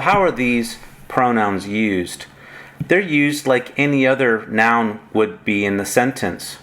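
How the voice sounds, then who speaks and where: A man's voice: lowish voice, a bit bright. A man teaching Greek grammar in a recorded lecture, methodical and reciting word forms one at a time.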